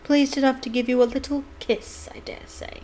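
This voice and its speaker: A woman's voice: high-pitched, fairly even intonation, moderate pace, a little mellow, voice pushed up, lightly acted. A woman reading aloud and voicing a cold, sneering male wizard professor who speaks in a silky, menacing, hissing way.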